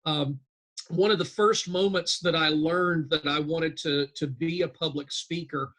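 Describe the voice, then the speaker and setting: A man, telling stories as a guest in a casual interview, lively and chatty. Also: a little high, unhurried. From North Carolina, US. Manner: lively storyteller, animated and chatty. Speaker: guest, real estate instructor.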